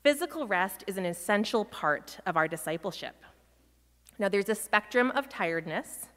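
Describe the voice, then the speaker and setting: A woman's voice: medium pitch, lively intonation, moderate pace, a bit bright. Woman preaching in a reverberant hall. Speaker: pastor. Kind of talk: sermon. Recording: long reverb of a large hall.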